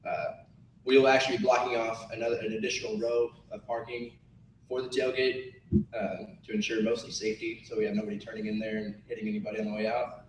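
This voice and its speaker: A man's voice: on the low side, little pitch movement, quick pace, noisy background. A young man in his twenties, laughing and self-mocking as he chats casually and tells a story at a meeting. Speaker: tailgate organizer. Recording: roomy room from far off.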